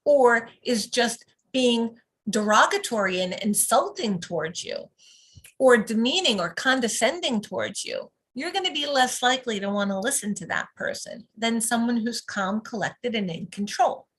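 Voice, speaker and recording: A woman coaching parents over a live video call, speaking calmly and instructively. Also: fairly high pitch, normal speed, poor audio. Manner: calm and instructive, lively when modeling praise. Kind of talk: teaching talk on live video.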